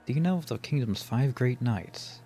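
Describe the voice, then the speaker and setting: A man doing a gruff old bug collector. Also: mid-range voice, animated, normal speed, mellow, faint music behind, pitched above the performer's own voice, close to an everyday voice. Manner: grumbling, rough put-on accent. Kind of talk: reading game dialogue aloud.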